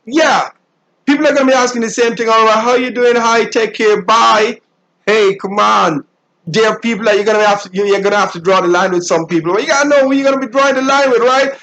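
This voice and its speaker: A man hosting a solo talk show, giving an animated, preachy monologue and mimicking people in high squeals. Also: fast talker, low-quality recording. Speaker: show host.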